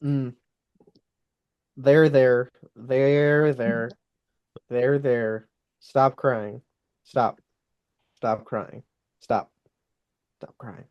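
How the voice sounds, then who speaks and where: Man voicing a curt lizardfolk monk, slow, dry-sounding, flat commands. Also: medium pitch, clean tone, no echo, dull audio. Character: blunt lizardfolk monk, male, unsentimental.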